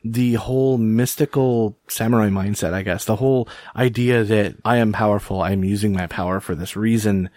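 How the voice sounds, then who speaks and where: A middle-aged man chatting on a podcast, musing and animated, taking off on tangents. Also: fairly low pitch, moderate pace, hardly any pauses, dry recording, studio quality. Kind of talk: casual chat.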